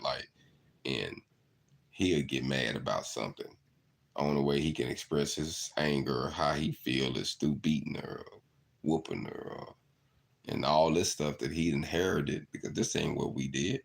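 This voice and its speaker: A man's voice: extremely low pitch, fairly even intonation, measured pace, gravelly. A middle-aged man, earnestly telling stories in a reflective monologue. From southeast Arkansas. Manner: earnest, storytelling, repeats "you know". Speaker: channel host.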